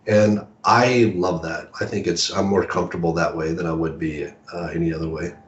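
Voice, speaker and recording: A man chats as an author guest in a rambling, self-deprecating way. His voice sits low and is heard in a roomy space. The audio is dull, like a video call. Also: steady tone, normal speed. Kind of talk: casual conversation. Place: home in a city apartment.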